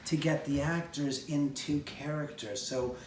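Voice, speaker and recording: Give me a lively man with a slightly high voice, picked up from far off with a roomy echo, acting out the voices in his outdoor story. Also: measured pace, a little hiss or hum. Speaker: homeowner and film producer. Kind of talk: casual anecdote told on location. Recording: echoey, distant, with faint outdoor ambience.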